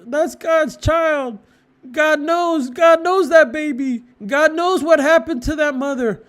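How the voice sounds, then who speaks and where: A man with a strikingly high voice preaches with fervent conviction. He speaks slowly, driving his point with repeated phrases. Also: fairly bright tone. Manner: fervent, repetitive, hammering phrases. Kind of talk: impassioned moral preaching.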